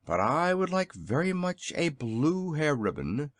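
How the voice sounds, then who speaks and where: A man's voice: a little high, sing-song, a little slow, no room sound, clean studio sound, voice pushed up. A man voicing a very old, polite male inventor in a storybook reading, with a courtly, eager manner.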